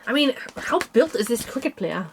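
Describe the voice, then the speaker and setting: A woman's voice: fairly high pitch, very animated, normal speed, a little hiss or hum. A young woman chatting casually about cross stitch designs, tired and yawning, rambling with small laughs. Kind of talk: casual chat.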